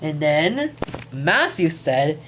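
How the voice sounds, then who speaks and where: A woman with a fairly low voice reads from a journal, riffing on each entry in a casual, rambling way. Her pitch jumps around a lot, and she swears casually and trails off mid-sentence. A faint hiss sits under her voice. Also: sing-song, slow, a bit bright, rough recording. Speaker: classmate reading out a class quote journal.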